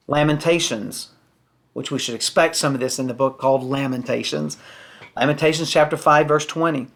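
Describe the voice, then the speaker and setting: Earnest male preacher, slightly high voice, teaching tone, voices example prayers. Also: normal speed, fairly bright tone. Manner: earnest, quotes scripture, voices sample prayers. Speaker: pastor. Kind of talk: teaching sermon.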